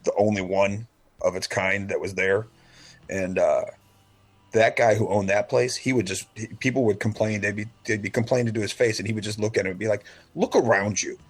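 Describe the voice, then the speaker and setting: A man's voice: on the low side, steady tone, fairly quick. A man co-hosting a casual podcast chat, telling rambling, profane stories and mimicking the people in them. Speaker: podcast co-host.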